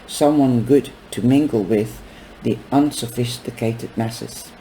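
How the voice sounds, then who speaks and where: Slow, mellow man reading a novel aloud. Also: medium pitch, slight background noise, poor audio. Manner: unhurried reading with small stumbles and asides. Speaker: book reader.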